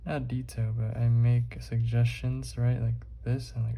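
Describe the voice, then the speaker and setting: Flat gravelly young man rambling. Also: mid-range voice, measured pace. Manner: rambling, filler-heavy, swears often. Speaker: art vlogger. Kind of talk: casual rambling talk while drawing.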